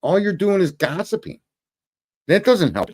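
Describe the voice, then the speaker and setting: A man's voice: sits high, big pitch swings, a little slow, darkish tone. A man hosting a livestream, ranting profanely and scolding his chat commenters in casual commentary. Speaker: livestream host.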